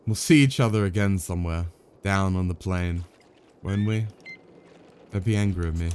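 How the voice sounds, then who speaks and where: A man voicing a young climber who gently and apologetically says goodbye to an old friend. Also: low voice, moderate pace, slight background noise, natural voice. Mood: tender.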